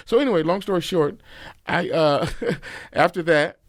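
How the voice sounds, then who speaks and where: A man's voice: on the high side, moderate pace, no room sound. A middle-aged man, a podcast guest telling his life story in an emphatic, preachy way. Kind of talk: casual storytelling interview.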